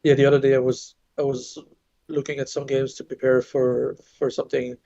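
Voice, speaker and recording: A man with a French accent talks through a live board game match, loose and unhurried, often restarting his sentences. His voice is dark and gravelly with a flat, even pitch, and the recording sounds a little dull and lo-fi. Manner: relaxed, thinks aloud with restarts. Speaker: co-commentator.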